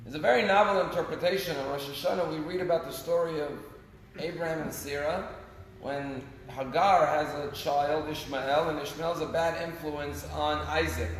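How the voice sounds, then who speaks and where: Recorded in an echoey synagogue sanctuary with long reverb and faint noise, a rabbi gives a sermon, earnestly telling stories with rising and falling volume. His male voice is on the high side, fairly even in intonation, at normal speed.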